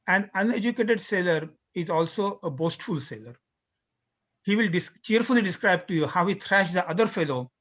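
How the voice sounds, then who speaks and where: A high-voiced man lectures to beginners, explaining each point in turn with the odd pause and restart. The recording is dull and lo-fi. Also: fairly bright tone. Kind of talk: introductory lecture with recited lyrics.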